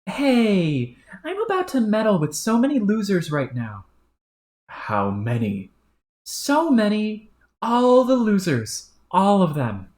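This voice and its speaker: A woman's voice: medium pitch, wildly swooping pitch, slow pace, darkish tone, pitched above the performer's own voice. A woman doing a bratty scheming troll girl. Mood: smug. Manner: smug, bossy and sarcastic. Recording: roomy echo.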